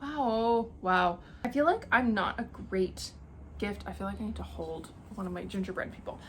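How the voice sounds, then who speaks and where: This young woman has a mid-range voice at normal speed, with slight background noise behind her. She's chatting casually on a vlog indoors at her apartment, gushing with excited exclamations.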